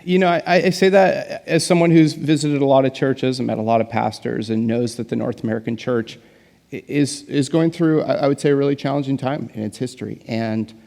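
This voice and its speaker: A man's voice: medium pitch, steady tone, a little fast, gravelly, warm tone. A young adult man giving a casual, self-deprecating guest sermon, chatty and full of fillers and jokes. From Canada. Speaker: guest pastor. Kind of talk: conversational sermon. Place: large church hall. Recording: reverberant church hall.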